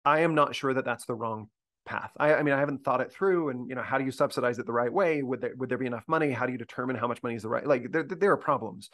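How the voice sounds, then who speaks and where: A man's voice: medium pitch, fast talker, a bit bright. A man briefing university faculty in a conversational discussion, earnest and thinking aloud with frequent restarts.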